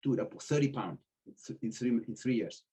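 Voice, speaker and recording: Husky man telling gym stories. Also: medium pitch, brisk. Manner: animated storyteller, acts out quoted voices, swears casually. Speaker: podcast guest telling stories. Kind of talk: casual storytelling chat.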